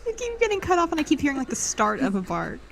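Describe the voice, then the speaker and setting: A woman's voice: high-pitched, fast talker, vocal fry. A woman joining a game stream as a guest, chatting casually and joking, with bursts of laughter. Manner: animated, jokey, bursts of laughter. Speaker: guest co-player. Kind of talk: casual gaming stream chat.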